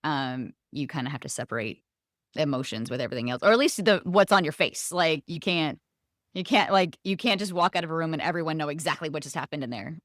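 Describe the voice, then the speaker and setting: A woman who runs an HR firm, talking casually as a podcast guest in quick explanations. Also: deep voice, dry recording, studio quality. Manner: laughs a lot, quick explanations. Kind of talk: casual conversation.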